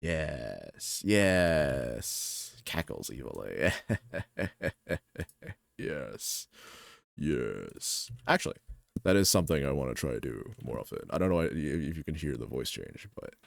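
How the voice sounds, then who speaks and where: A man chatting casually as a streamer while he draws, rambling with lots of filler words in a deep, gravelly voice. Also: lively intonation, moderate pace, no room sound, studio quality. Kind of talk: casual chat while drawing.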